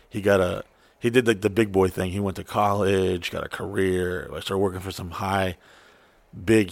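Gravelly profane man telling stories. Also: deep voice, dry recording. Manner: profane, animated, acts out quotes. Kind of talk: casual storytelling chat.

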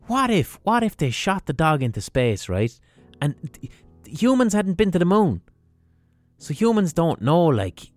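An Irish man hosting a podcast, telling a rambling, swearing comic monologue. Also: mid-range voice. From Ireland. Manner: rambling, swearing, animated storytelling. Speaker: podcast host.

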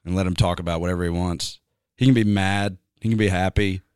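A man's voice: low voice, steady tone, a little fast, a little mellow, clear, resonant tone, no room sound, clean studio sound. A man who is a worship pastor, chatting casually and rambling with lots of fillers. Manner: rambling, filler-heavy, breaks into singing snippets. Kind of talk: casual chat.

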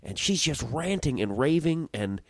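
A man's voice: fairly high pitch, very animated, a little slow, slight background noise. A young man hosting his own podcast, telling a story in a rambling, self-interrupting way and swearing casually. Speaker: podcast host.

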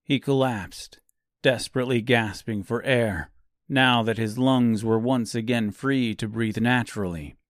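A male narrator reading a dark fantasy audiobook at a slow, deliberate pace, with a measured, grim delivery. His voice sits at an ordinary middle pitch, and the recording is dry with no room echo.

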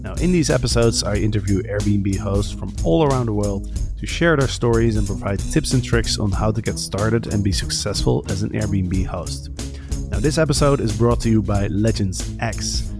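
A man hosting a podcast, reading a scripted intro and then chatting in an upbeat, energetic way with guests. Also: lowish voice, moderate pace, music in the background. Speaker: podcast host. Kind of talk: casual interview, scripted intro.

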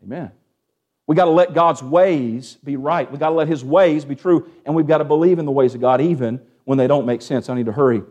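High-pitched preacher calling "amen?". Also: male voice, fairly even intonation, fairly quick. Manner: Southern-tinged preaching with call-and-response "amen?", swings from hushed to raised. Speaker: pastor. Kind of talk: sermon.

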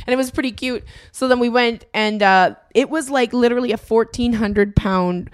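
A young woman co-hosting a comedy podcast, telling animated stories in casual chat and laughing often. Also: a little high, normal speed, clean tone. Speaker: podcast co-host.

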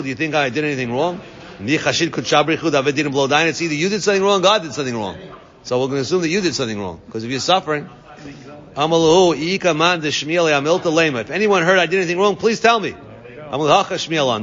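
A man's voice: a little high, fairly bright tone. A man teaching a Talmud class to students, translating each Aramaic phrase into English. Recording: dull lo-fi recording, long reverb.

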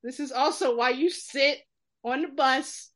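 A woman from New York telling funny stories in casual talk, fast and animated, laughing and acting out other people's voices. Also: high voice.

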